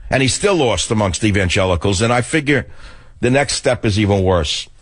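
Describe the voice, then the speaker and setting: A man's voice: fairly low pitch, expressive, moderate pace, slightly rough, no room sound. An older man from the Bronx, rambling and sarcastic in a talk radio monologue. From the Bronx, New York.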